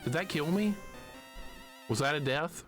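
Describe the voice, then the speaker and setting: A man's voice: a little high, animated, measured pace, fairly bright tone, soft background music. A man from Alabama giving live commentary on a retro game, swearing at it and chuckling often. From Alabama, USA. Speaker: streamer.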